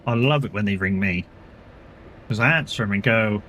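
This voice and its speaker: A man's voice: on the low side, normal speed, bright, forceful tone, slight background noise. A man streaming a driving game and chatting casually, rambling through stories and acting out the people he quotes. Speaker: gaming streamer. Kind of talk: casual live-stream chat while playing.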